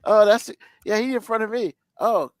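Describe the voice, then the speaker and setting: A man co-hosting a casual chat, reacting with quick, incredulous comebacks. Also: high voice, dry recording, clean studio sound. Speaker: podcast co-host.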